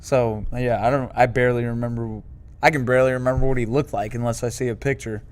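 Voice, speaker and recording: A man's voice: medium pitch, steady tone, fast. A man from St. Louis, Missouri, co-hosting a podcast in casual, profane, emphatic chat. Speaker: podcast co-host.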